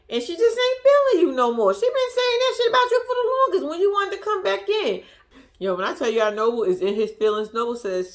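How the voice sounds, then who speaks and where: A woman vlogger giving casual, slangy commentary on a reality show, laughing often and talking animatedly. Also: a little high. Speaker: reaction vlogger.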